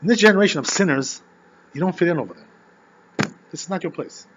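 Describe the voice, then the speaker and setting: A man who is a rabbi teaching an informal Torah class, animated and constantly checking in with "you know" and "right?". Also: on the high side, fairly quick, muffled recording, slight background noise.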